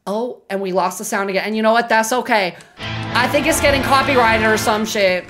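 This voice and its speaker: A young woman streaming a game live, chatting to her viewers with loud, slangy, profane outbursts over game music. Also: a little high, a little fast.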